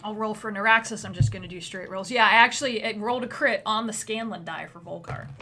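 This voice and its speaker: A woman narrating as game master in a tabletop game, lively and quick to laugh. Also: medium pitch, background noise.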